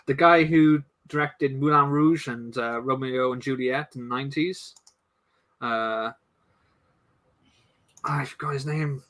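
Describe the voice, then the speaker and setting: A man's voice: mid-range voice, takes it slowly, long pauses, fairly bright tone. A man co-hosting a casual live-stream chat. He tells stories in a rambling way, often trailing off and restarting. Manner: chatty storyteller, trails off and restarts. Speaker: stream co-host.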